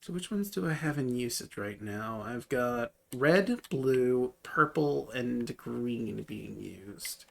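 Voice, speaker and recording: A man's voice: mid-range voice, animated, slow, gravelly, hardly any pauses. A man streaming a game, chatting casually and joking about what happens on screen. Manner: joking, reads game text aloud. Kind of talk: casual gameplay chat.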